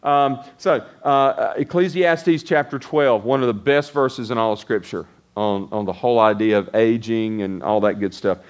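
A man's voice: mid-range voice, moderate pace, few pauses. A middle-aged man preaching a sermon as pastor, talking in a loose conversational way with restarts and frequent tag questions.

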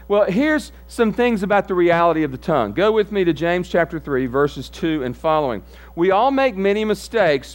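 A man's voice: fairly high pitch, expressive, fairly quick. A man as pastor giving a conversational sermon, often asking the congregation questions. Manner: conversational, asks the audience questions.

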